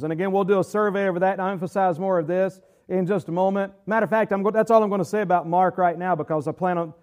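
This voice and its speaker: A man with a high-pitched voice teaches a Bible study in an earnest, preaching style. He reads scripture with measured weight and drags out key phrases for emphasis. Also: a little mellow. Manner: earnest, slows down hard to stress key phrases.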